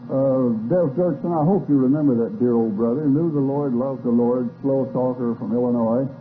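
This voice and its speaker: A man's voice: medium pitch, moderate pace. An older man giving a lecture to a live audience, telling stories with wry, folksy asides. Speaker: speaker. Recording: tinny phone-like old tape with faint hiss.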